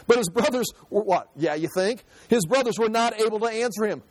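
A man teaching through a Bible passage as a preacher, reading verses and retelling them with lively, dramatic asides. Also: high voice, fast, hardly any pauses, rough recording. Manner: animated, dramatizing scripture with interjections.

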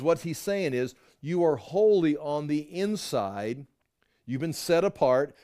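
Middle-aged male Bible teacher, slightly high pitch, reads scripture and comments between verses. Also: a little mellow.

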